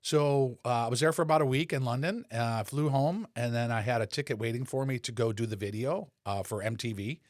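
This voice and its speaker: A man in his sixties, a podcast guest and former rock bassist, telling relaxed, rambling anecdotes with lots of fillers. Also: a little fast, hardly any pauses, dry recording, clean studio sound. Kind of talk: casual conversational storytelling.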